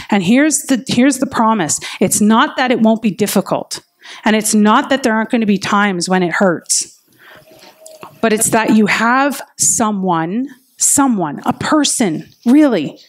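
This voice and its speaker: A woman's voice: mid-range voice, unhurried. A woman preaching a sermon in an earnest, personal way, telling stories of her own faith. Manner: earnest and personal, with lively retold inner dialogue.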